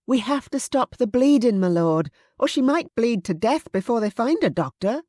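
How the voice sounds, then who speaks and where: A woman voicing a frightened but steady young lady's maid in a historical romance audiobook, pleading urgently. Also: on the high side, normal speed, dry recording, clean studio sound, pitched above the performer's own voice.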